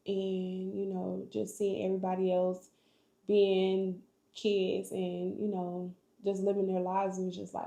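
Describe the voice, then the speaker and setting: Young woman, personal vlog, earnest testimony, flat delivery, echoey room. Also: mid-range voice, takes it slowly, gravelly. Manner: earnest, emotional, faith-filled testimony. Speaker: vlogger.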